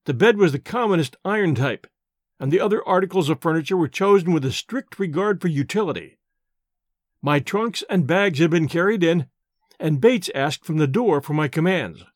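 Lively, expressive male audiobook narrator. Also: fairly high pitch, normal speed, no room sound, studio quality. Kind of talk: first-person novel reading.

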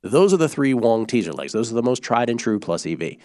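A man hosting a sports betting podcast, explaining bets in an animated, casual way with quick asides. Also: mid-range voice, dry recording, clean studio sound.

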